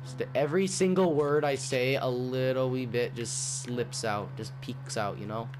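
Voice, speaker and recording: A man giving casual gameplay commentary, rambling and swearing, with sudden loud outbursts. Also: medium pitch, moderate pace, music in the background. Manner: profane, rambling, jumpy outbursts. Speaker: gaming YouTuber.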